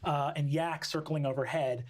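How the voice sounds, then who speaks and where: A man's voice: on the high side, fairly even intonation. Casual male game master. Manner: casual, halting narration with fillers. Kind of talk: narrating a tabletop game.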